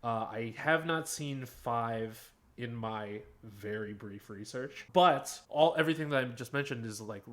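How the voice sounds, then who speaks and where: Slow, halting male podcast host. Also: medium pitch, a bit bright. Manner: slow, halting delivery with many fillers. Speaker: podcast co-host presenting research. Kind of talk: casual podcast chat.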